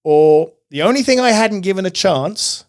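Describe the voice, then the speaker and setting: A middle-aged man telling his life story as a podcast guest, emphatic and animated, acting out his own past outbursts. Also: high voice, moderate pace. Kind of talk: testimony in casual interview.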